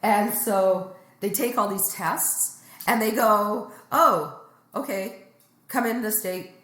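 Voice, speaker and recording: A woman's voice: mid-range voice, slow. Blunt, joking woman in an echoey room. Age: middle-aged. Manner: blunt, joking, animated retelling. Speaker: guest comedian. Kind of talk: candid storytelling chat.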